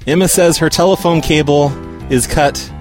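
A man's voice: a little high, steady tone, moderate pace, faint music behind. A man making a prank call, stammering and whining in mock hurt. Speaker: prank caller.

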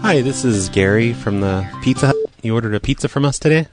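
An American man playing a rude pizza cook in a prank call, talking deadpan and brash. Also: medium pitch, quick pace, over music, close to an everyday voice. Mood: mock earnest. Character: crude prank-calling male pizza cook.

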